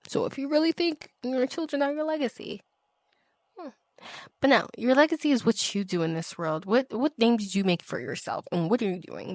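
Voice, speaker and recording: A woman's voice: medium pitch, dry recording, studio quality. A woman hosting her own podcast alone, talking with passion, swearing freely and repeating her pleas with laughs and sighs. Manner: impassioned, emphatic, swears freely; repeats pleading phrases, laughs and sighs between points. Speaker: podcast host. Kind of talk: solo podcast monologue.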